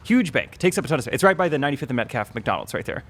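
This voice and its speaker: A man's voice: medium pitch, very animated, very fast, fairly bright tone. A young man co-hosting a podcast in casual chat, joking and spinning wry theories. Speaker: podcast co-host.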